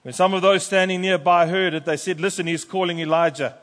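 A pastor preaching a sermon and reading scripture aloud with fervent emphasis in a church. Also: male voice, high-pitched, little pitch movement, brisk, fairly bright tone. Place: church sanctuary. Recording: long church reverb.

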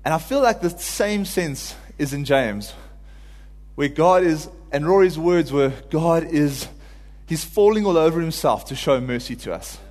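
Man, preacher, slightly high voice, earnest and heartfelt, long hall reverb. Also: animated, measured pace, a little mellow. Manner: earnest, builds to pleading cries when quoting. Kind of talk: informal sermon.

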